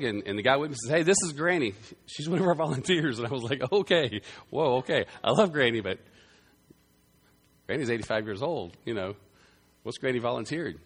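Man, pastor, sermon storytelling, fairly low voice, loud bursts and hushed moments. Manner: animated, swings from loud bursts to quiet, earnest delivery.

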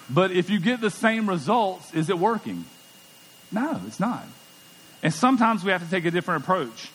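A man's voice: high-pitched, expressive, moderate pace, slightly rough. A middle-aged man preaching a sermon as pastor, conversational and emphatic, often repeating words as he goes. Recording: long church hall reverb.

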